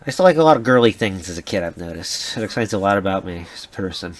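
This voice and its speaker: A man's voice: deep voice, expressive, quick pace. Young guy co-hosting a chill podcast, rambly and sweary, voice bouncing up and down a lot. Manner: rambling, sidetracked storytelling with frequent restarts and swearing. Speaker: podcast co-host. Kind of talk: casual chat.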